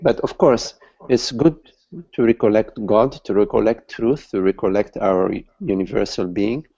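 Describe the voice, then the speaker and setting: Casting: man, spiritual teacher, gravelly dark voice, slow and halting, lo-fi call audio. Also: on the low side. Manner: slow, halting, repeats words while searching for them. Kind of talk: satsang talk.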